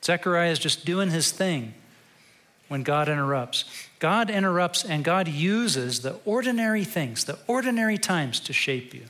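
A man preaching a sermon in a bright, forceful voice that sits a little high for a man. He tells the story conversationally and slows into quiet reflection at points. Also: expressive. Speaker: pastor.

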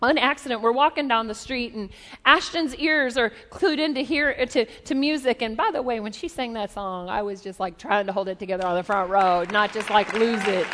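A woman in her forties delivers a sermon in a high, bright-pitched voice, telling stories in a chatty, lively way full of asides. Her voice rings out with a long reverb tail, as if it fills a large church hall. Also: moderate pace, some chatter behind, a little hiss or hum. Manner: conversational, lively storytelling with asides. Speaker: preacher. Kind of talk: sermon storytelling.

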